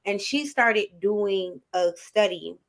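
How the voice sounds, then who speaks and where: A woman's voice: mid-range voice, slow. A woman guest in casual conversation, talking earnestly and acting out what her clients say. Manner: earnest, animated, acts out quoted clients. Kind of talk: casual chat.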